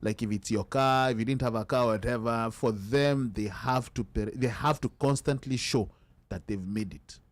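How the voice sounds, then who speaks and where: Kenyan guy hosting a live stream, middle-pitched, chatty, mixing in sheng, reading out comments. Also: normal speed. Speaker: host. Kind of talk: casual live-stream chat.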